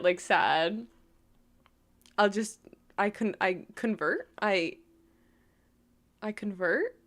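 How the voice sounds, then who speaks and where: A young woman from New York vlogging casually, rambling with lots of "like" and frequent laughs. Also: mid-range voice. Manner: rambling, full of "like", laughs often. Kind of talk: casual storytime chat.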